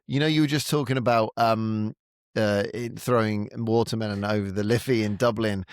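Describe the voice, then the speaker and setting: A man's voice: on the low side, steady tone, moderate pace, clear, resonant tone, no echo, clean studio sound. A middle-aged man co-hosting a podcast, a friendly storyteller who calls his co-host mate. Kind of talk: casual podcast chat.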